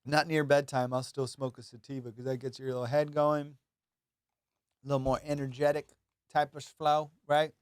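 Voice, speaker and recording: A young man hosting a solo comedy podcast, rambling loosely and joking while high on cannabis. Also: flat delivery, normal speed, smooth, no echo. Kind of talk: casual solo podcast chat.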